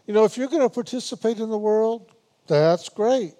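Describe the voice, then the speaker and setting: A man giving a spiritual meditation talk, unhurried and repetitive, gently teasing his listeners and laughing now and then. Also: high-pitched. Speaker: spiritual teacher.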